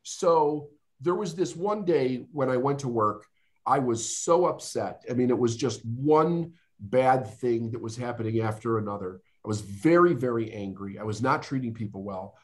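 A middle-aged man from the United States speaks as a podcast guest. His voice sits at an ordinary male pitch, and he tells his story in an earnest, heartfelt way, slowing down and pausing for weight. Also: darkish tone. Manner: earnest, emotional storytelling with dramatic pauses. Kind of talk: storytelling interview.

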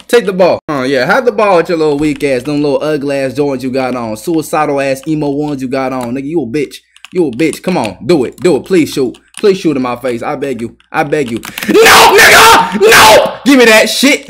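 A young man giving live commentary on a basketball video game, trash-talking and yelling at other players. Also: a little high, expressive, brisk, hardly any pauses, slight background noise. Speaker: gaming YouTuber.

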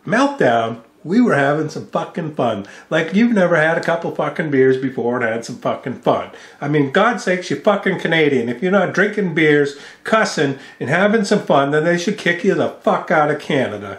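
Guy from the states ranting and swearing at home, kinda high voice, roomy echo. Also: animated, moderate pace, a bit bright. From United States. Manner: angry, cursing, mocking. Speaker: vlogger. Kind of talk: profane ranting vlog. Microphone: studio microphone with mixing board.

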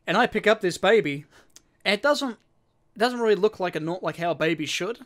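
A man's voice: high-pitched, expressive, a little fast. An Australian man co-hosting a podcast, casually telling a long story with lots of repeated words and casual swearing. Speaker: podcast co-host.

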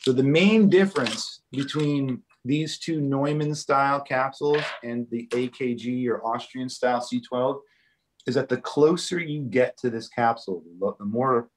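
A man's voice: medium pitch, normal speed, a little hiss or hum, low-quality recording. A man guiding a live virtual tour through a microphone factory, explaining technical details casually with frequent fillers and check-ins.

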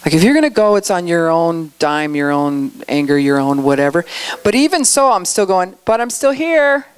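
Middle-aged woman, conversational sermon, storytelling, lively swooping voice, low-pitched. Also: normal speed, smooth. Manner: storytelling, acts out quotes with animated voices. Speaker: speaker at a church outreach.

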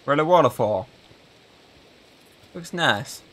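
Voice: mid-range voice, lively intonation, takes it slowly. A gameplay channel host making casual joking asides while playing.

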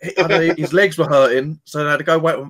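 A man's voice: on the high side, steady tone, quick pace, a bit bright. A man hosting his own interview channel, chatty and self-deprecating, telling stories in a loose casual style. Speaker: channel host.

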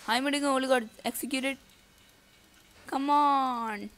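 A woman's voice: high-pitched, steady tone, a little slow, fairly bright tone. A woman giving casual live commentary on her own gameplay. She thinks aloud and breaks into nervous outbursts. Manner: casual slangy talk to viewers. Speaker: gaming YouTuber.

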